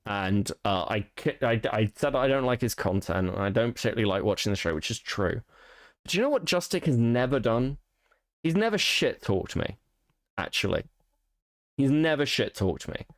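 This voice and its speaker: A man's voice: medium pitch, no echo, clean studio sound. A young British man hosting a stream, talking bluntly and rambling with plenty of swearing. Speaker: streamer host. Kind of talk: casual stream commentary.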